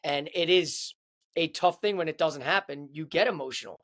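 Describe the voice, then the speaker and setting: A male podcast host who speaks in a loose, candid way, dropping casual swear words as he talks. His voice sits a little high for a man. He sounds relaxed and conversational. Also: moderate pace.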